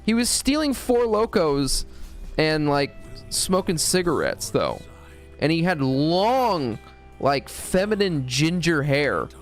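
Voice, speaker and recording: A man's voice: on the high side, very animated, slow pace, soft background music. A man from the United States streaming live and rambling through a profane, joking story. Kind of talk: casual storytelling.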